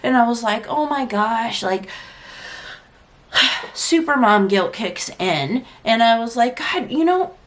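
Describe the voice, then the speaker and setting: A woman's voice: on the high side, takes it slowly, long pauses. Chatty young woman telling a story. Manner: chatty, frank, acts out quoted lines with frequent "like". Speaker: vlogger and parent. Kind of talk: casual storytime vlog.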